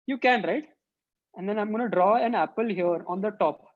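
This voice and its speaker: A woman's voice: medium pitch, moderate pace, narrow, tinny audio. A woman who teaches an online drawing workshop for children and thinks aloud as she sketches. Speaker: art teacher.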